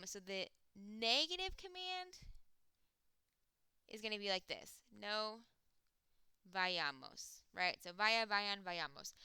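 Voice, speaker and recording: A woman teaching a recorded Spanish grammar lesson, explaining step by step and slowing down to spell out example words. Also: mid-range voice, sharp tone, clean tone, no echo.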